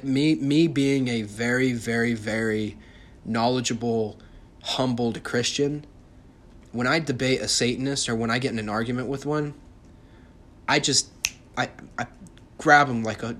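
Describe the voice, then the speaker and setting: A young man hosting a podcast, ranting in a heated, mocking monologue full of swearing. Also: medium pitch. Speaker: podcast host.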